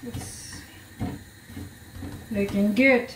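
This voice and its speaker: A woman's voice: mid-range voice, steady tone, extremely slow, echoey room, a little hiss or hum. A woman cooking-vlog host, chatting casually and thinking aloud as she tastes her food in a home kitchen. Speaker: cooking vlogger.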